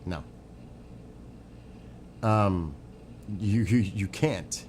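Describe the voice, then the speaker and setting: A man's voice: fairly low pitch, expressive, unhurried, long pauses, a little mellow, slight background noise. A man streaming, giving opinionated, rambling casual commentary and answering chat, swearing now and then. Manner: answers chat viewers by name.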